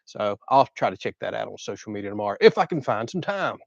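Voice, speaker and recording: A man with a deep Southern Florida drawl, casually reading and answering viewers' questions on a livestream. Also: fast talker, creaky, no echo, muffled recording. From Southern United States. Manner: relaxed, reads viewer questions aloud and chats. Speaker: co-host of a channel livestream.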